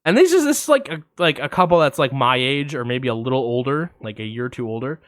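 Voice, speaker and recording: A young man co-hosting a podcast, telling a long story in a casual, animated way, swearing freely and acting out the voices of others. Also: medium pitch, fast, dry recording, clean studio sound. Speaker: podcast co-host.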